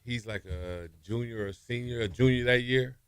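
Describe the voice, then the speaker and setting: A man's voice: moderate pace, clean tone, no echo, studio quality. A middle-aged man, a former quarterback telling stories in a casual interview and acting out what people said. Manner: animated storyteller, acts out quotes with raised pitch, laughs often. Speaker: former college quarterback, guest.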